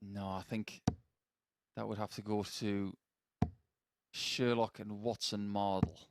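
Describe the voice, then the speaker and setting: A man doing live darts commentary, measured and analytical with a dry sense of humour. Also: fairly low pitch, flat delivery, no echo.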